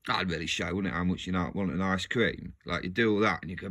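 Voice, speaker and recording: Deep-voiced man musing casually. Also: quick pace, hardly any pauses. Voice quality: rambling, self-interrupting, frequent restarts. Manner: animated, laughs often. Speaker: video host.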